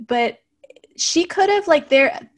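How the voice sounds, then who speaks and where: A woman's voice: high voice, expressive, slow. A woman co-hosting a casual podcast, chatty and emphatic, who laughs often. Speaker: podcast co-host.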